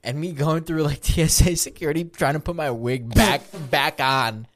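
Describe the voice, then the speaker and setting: A man's voice: on the high side, moderate pace, a bit bright. A man telling rambling, profane anecdotes in casual podcast chat. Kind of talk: casual storytelling.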